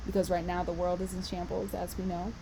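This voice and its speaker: A woman's voice: lowish voice, flat delivery, fairly quick, gravelly, background noise. Tearful woman giving a pep talk. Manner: passionate, tearful, swears for emphasis. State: holding back tears. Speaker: vlogger and tour organizer. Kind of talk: emotional motivational monologue.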